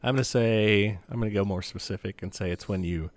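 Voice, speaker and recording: A man's voice: on the low side, a little fast. A man co-hosting a podcast in casual chat, easygoing and reasoning things out. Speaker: podcast co-host.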